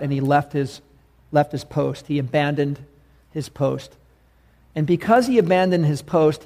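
A man's voice: a little high, a little mellow. A male preacher delivering a sermon in a conversational, emphatic way, often asking his listeners questions.

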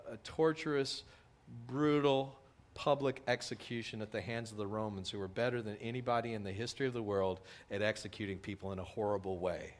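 Delivering a sermon, this middle-aged pastor is lively and animated. When he quotes others he performs the lines, with dramatic jumps in pitch and volume.

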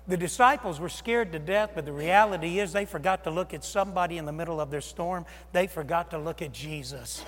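A male pastor preaching a sermon, with dramatic swings from loud exclamations to hushed near-whispers. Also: high voice, lively intonation, a little fast, few pauses. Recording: long reverb of a large hall.

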